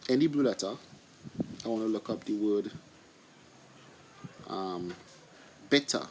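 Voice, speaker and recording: A man's voice: on the low side, measured pace, noisy background. A man giving an informal scripture study talk, often asking and answering his own questions and stumbling over repeated words. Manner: stumbling restarts and fillers. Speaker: scripture teacher.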